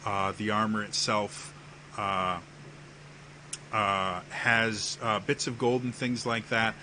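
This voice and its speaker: A man narrating a tabletop game as game master, slow and hesitant with many fillers. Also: lowish voice, little pitch movement, sharp tone, a little hiss or hum.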